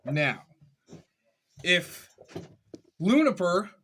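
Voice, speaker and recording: Man, commentator, casual, explaining, mildly mocking, lively pitch. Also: drawn-out words, a little hiss or hum. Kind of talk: commentary on a played clip.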